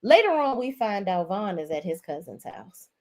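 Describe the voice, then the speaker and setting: A woman in her forties hosting a casual livestream, recapping a drama episode and speaking directly to viewers in a chatty, animated way. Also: mid-range voice, moderate pace. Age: 40s. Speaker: host. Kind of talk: casual livestream show review.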